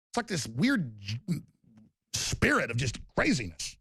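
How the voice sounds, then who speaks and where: A man's voice: high voice, huge pitch swings, normal speed, sharp tone, no echo. A man hosting a political talk radio show, ranting in a long monologue and mocking opponents in put-on voices. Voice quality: gravelly.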